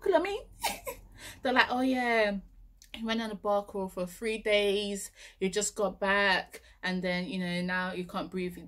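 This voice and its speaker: A woman's voice: mid-range voice, fairly bright tone. Young woman from nigeria telling a funny story, keeps laughing, does her own panicky voice. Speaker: vlogger. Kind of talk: animated storytelling.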